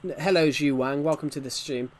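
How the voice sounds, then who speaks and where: A man's voice: fairly high pitch, brisk. Chatty man livestreaming a game. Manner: rambling, restarts, reacts to chat. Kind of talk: casual livestream chat.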